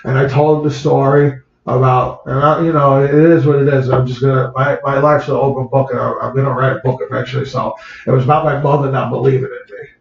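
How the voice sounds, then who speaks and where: A man, an actor, recalls a personal story in conversation, halting and repeating words as the feeling comes through. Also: medium pitch, level tone, gravelly. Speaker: actor, guest. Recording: roomy, dull lo-fi sound.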